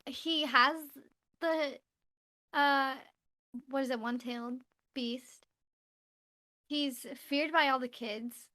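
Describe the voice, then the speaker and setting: A woman's voice: high-pitched, steady tone, takes it slowly, long pauses, sharp tone. A woman co-hosting a casual podcast, chatty and retelling scenes while acting out the lines. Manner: chatty, acts out quotes in retelling. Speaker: podcast co-host. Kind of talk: casual chat.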